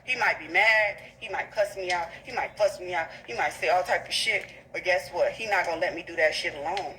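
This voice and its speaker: A woman's voice: fairly low pitch, a little fast, pushed and bright, slight background noise, rough recording. A woman livestream host telling a story in a blunt, profane, heated way. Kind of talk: casual livestream rant.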